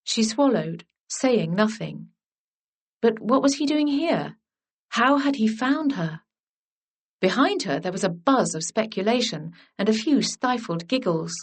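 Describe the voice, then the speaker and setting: A woman narrating a historical romance audiobook in a gentle, measured storytelling manner. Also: fairly high pitch, animated, husky.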